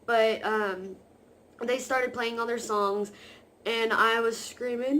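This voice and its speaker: A woman vlogger telling a story to camera in a rambling, excited way, full of "like" fillers. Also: medium pitch, slow.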